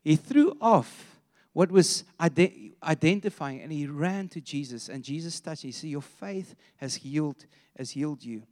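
A man with a slightly higher voice delivers a sermon to a congregation. He tells the story with animated energy, often restarting phrases as he goes. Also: measured pace. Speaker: preacher. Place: church.

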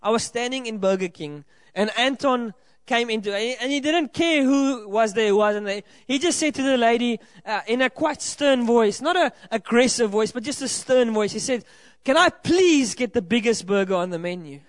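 A man's voice: very high-pitched, normal speed, few pauses, no echo. A man from South Africa preaching a sermon to a congregation, earnest and encouraging, speaking directly to the people in front of him. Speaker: pastor. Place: church hall with a congregation.

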